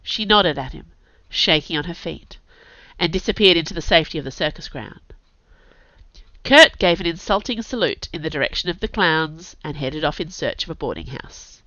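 A woman narrating a gritty story in a brisk, scripted reading, on a dull, dry lo-fi recording. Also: low voice, lively intonation, bright, forceful tone, no room sound. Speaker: audiobook narrator.

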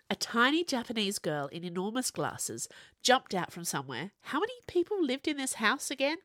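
A woman narrating an audiobook in an expressive, wry manner. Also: on the high side, normal speed, no room sound, clean studio sound.

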